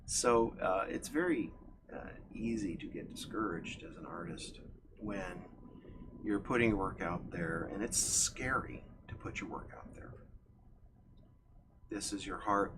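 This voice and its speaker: A digital artist livestreams while drawing, chatting in a rambling, self-deprecating way. He has a deep voice, and there's background noise.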